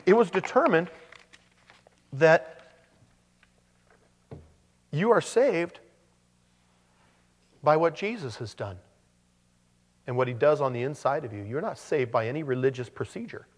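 A man preaching a sermon, animated, with joking asides and frequent restarts. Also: on the high side, slow, long pauses, big-room sound. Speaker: pastor.

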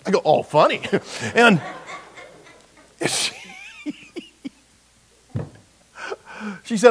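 A man's voice: high-pitched, huge pitch swings, extremely slow, pauses often, fairly bright tone, husky, low-quality recording. A middle-aged male pastor preaching a conversational sermon, full of rhetorical questions and humor.

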